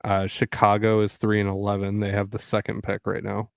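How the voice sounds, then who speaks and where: A man's voice: on the low side, monotone, a little fast, vocal fry, dry recording, studio quality. A man co-hosting a livestream sports podcast, talking in playful, joking banter. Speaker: podcast co-host. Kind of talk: casual livestream sports chat.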